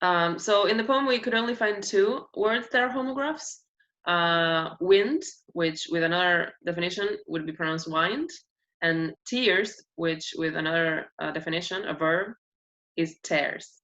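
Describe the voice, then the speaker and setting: Low-pitched woman explaining with fillers. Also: moderate pace, fairly bright tone. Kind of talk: class presentation on phonetics. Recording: dull, lo-fi sound.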